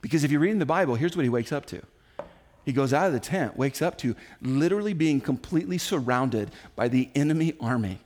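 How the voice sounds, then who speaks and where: A man in his forties preaching a sermon, telling the story in an animated way and acting out the quotes himself. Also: medium pitch, fairly quick. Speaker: pastor.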